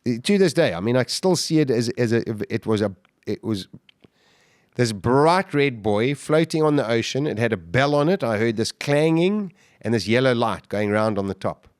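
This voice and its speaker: A man of middle pitch tells his survival story as a podcast guest. He speaks in an animated, dramatic way, often restarts and stumbles, then pushes hard on key moments. The sound is close and dry, with no room around it. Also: normal speed, no echo. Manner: animated, with frequent restarts and sudden surges of emphasis. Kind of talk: dramatic first-person storytelling.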